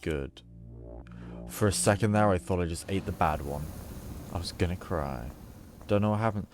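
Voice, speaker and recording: A man's voice: low-pitched, normal speed, over music. A man streaming a horror game, joking and chatting casually with plenty of swearing. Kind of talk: gaming stream commentary.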